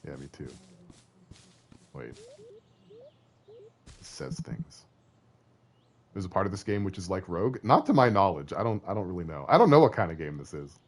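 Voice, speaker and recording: A man's voice: sits low, sing-song, fast talker, slight background noise. A man streaming a video game, rambling and joking to his viewers as he plays. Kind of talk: casual gaming commentary.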